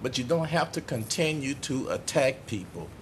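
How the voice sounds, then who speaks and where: A middle-aged man giving a tearful, impassioned speech as a city commissioner at a council meeting, halting and apologetic. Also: mid-range voice, animated, a little hiss or hum. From United States.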